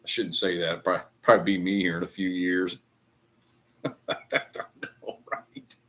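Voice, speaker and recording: A man's voice: low-pitched, flat delivery, moderate pace, fairly bright tone. A middle-aged man hosting a livestream, chatting casually over whiskey in a rambling, profane ranting way. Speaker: livestream host. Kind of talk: casual chat while drinking whiskey.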